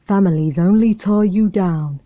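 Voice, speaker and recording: A woman voicing a carefree male stray dog, rough and easygoing, with a breezy and gentle manner. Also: medium pitch, unhurried, natural voice. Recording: muffled lo-fi recording.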